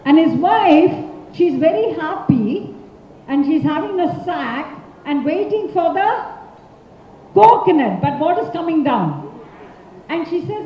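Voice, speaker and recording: Indian English woman, expressive and high-voiced storyteller, slow delivery. Distant, roomy hall, dull. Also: slight background noise. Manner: animated and expressive, prompts the audience for answers. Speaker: professional storyteller, speaker. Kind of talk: interactive oral storytelling talk. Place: large conference hall. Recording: echoey hall from far off, dull sound.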